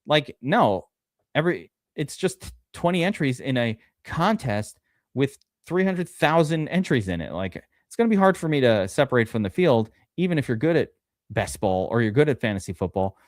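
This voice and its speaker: A man's voice: mid-range voice, big pitch swings, normal speed, no room sound, studio quality. A man hosting a live fantasy football draft stream, chatting casually and rambling with restarts.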